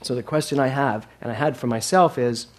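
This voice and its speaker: A man's voice: medium pitch, brisk. Emphatic man giving a sermon. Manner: emphatic, repeats key phrases, swings from loud to soft. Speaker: minister.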